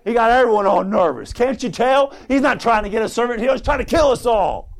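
A man preaching a sermon with fervor, swinging from quiet asides to loud exclamations and quoting scripture. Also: very high voice, expressive, fairly quick, creaky. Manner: fervent, swings from quiet to loud, quotes scripture in old English.

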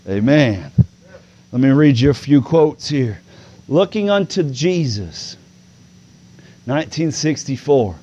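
A man preaching a sermon to a congregation. He moves from easy conversational talk to loud, drawn-out preaching with calls of "come on now". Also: on the high side, highs cut off.

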